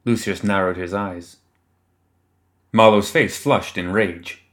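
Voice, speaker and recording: Low-voiced man narrating an audiobook. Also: steady tone, takes it slowly, pauses often, a bit bright.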